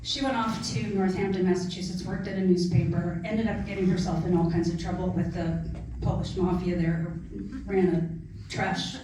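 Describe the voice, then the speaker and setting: A woman's voice: fairly low pitch, fairly even intonation, moderate pace, noisy background. Earnest author woman in echoey hall. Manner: chatty, earnest, gets emotional. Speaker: author discussing her book. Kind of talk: casual book talk. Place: library event room. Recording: echoey room from far off.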